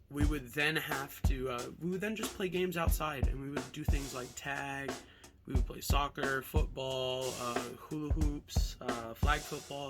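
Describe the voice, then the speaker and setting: A young man from Alaska casually telling a rambling childhood story with lots of fillers and swearing. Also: medium pitch. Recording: music playing behind.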